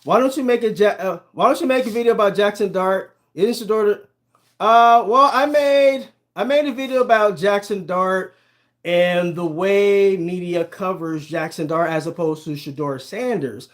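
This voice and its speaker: A man's voice: sits high, normal speed. A man from Ohio hosting a casual livestream about sports, chatting with viewers, reading their comments aloud and laughing often. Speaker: sports channel host.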